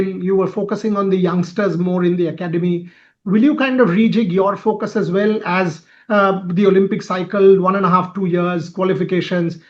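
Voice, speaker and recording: A man's voice: sits high, dull audio. A man interviewing a badminton coach, asking long, wordy questions. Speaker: sports interviewer.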